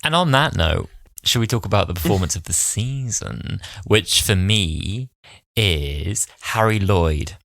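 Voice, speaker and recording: A man's voice: lowish voice, lively intonation, measured pace, creaky, a bit bright, no echo, studio quality. A man in his twenties co-hosting a podcast, analysing an episode earnestly with the odd sweary aside. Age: 20s. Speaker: podcast co-host. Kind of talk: casual chat.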